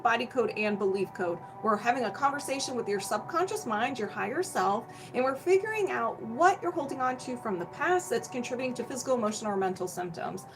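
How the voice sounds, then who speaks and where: In a roughly recorded clip, a young woman with a high voice runs a laid-back energy-healing stream at home. Chatty and bubbly, she laughs a lot, calls out viewers by name, and complains of being hot and sweaty while she talks and explains.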